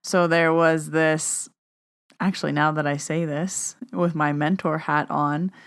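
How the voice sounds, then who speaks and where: Chatty woman podcaster, lower voice. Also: little pitch movement, measured pace, clean tone. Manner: chatty storyteller, acts out dialogue, says "like" often. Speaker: podcast host and medium. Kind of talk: casual solo podcast chat. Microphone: podcast microphone.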